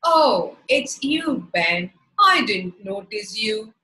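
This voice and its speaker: A woman's voice: mid-range voice, very animated, takes it slowly, bright, forceful tone, reverberant, full character voice, poor audio. A woman voicing a clever, scheming young boy in a storybook reading, talking in a sly, coaxing way.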